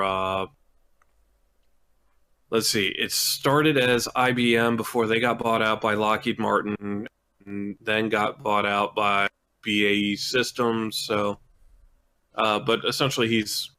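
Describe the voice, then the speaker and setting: A man's voice: lowish voice, a bit bright. A man co-hosting a casual gaming podcast, rambling and hesitant, with jokes along the way. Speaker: podcast co-host.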